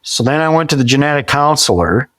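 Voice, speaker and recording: A man's voice: medium pitch, expressive, fast talker, a bit bright, dry recording. Podcast guest, male, forties; chatty storyteller, restarts a lot, animates quoted lines, dry recording. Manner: acts out quoted dialogue vividly; frequent restarts and repeated words. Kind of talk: conversational storytelling.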